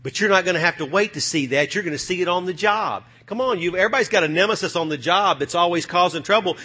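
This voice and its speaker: Forceful, bright-voiced male preacher. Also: high voice, fast talker, hardly any pauses, husky. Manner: emphatic, rallying with repeated calls to the congregation; poses rhetorical questions to the congregation. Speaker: pastor. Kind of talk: preaching a sermon.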